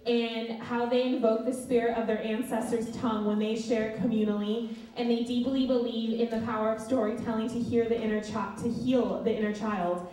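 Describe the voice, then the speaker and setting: Female host, slightly high, mellow voice; emphatic stage intro, distant and reverberant. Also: flat delivery. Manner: slow, emphatic announcing. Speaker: event host. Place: live stage in a hall. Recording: echoey hall, distant mic.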